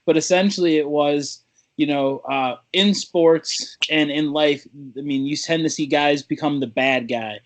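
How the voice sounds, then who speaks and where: Playful trash-talking man, higher voice. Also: measured pace. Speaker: podcast co-host. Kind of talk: casual chat.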